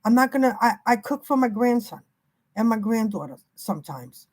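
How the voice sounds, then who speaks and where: A woman's voice: a little high, lively intonation, normal speed, a little mellow, rough recording. An older woman giving an unscripted spiritual reading, emphatic and warning, piling up repeated phrases. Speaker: spiritual reader.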